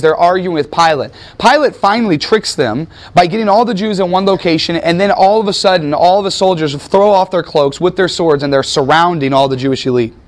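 A man teaching a class, telling history as a story and putting questions to his students. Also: sits high. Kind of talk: classroom lecture.

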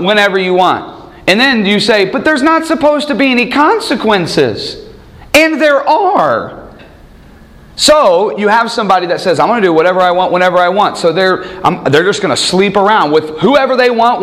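A man with a voice a little higher than most delivers a sermon. He talks in an animated way, acting out the people he quotes and pressing the listeners with rhetorical questions. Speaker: preacher.

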